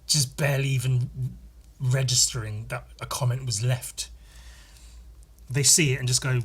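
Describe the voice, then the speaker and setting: A man's voice: medium pitch, flat delivery, fairly quick, breathy edge. A man from Scotland hosting a podcast, riffing in a profane, self-mocking, rambling comic monologue. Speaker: podcast host. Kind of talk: casual comedic monologue.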